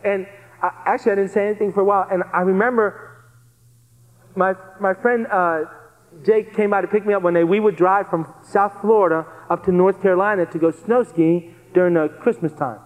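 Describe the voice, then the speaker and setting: High-voiced man preaching in a reverberant hall. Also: a little fast, narrow, tinny audio. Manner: earnest, animated, repeats phrases for emphasis. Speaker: guest speaker giving a testimony. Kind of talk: testimony sermon storytelling.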